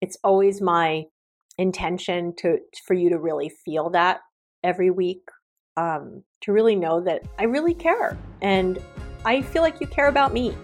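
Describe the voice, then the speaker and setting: A woman's voice: fairly low pitch, lively intonation, moderate pace, faint music behind. Effusive woman podcast host. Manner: warm, effusive, affectionate toward listeners. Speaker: podcast host, relationship therapist. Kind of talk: casual solo podcast talk.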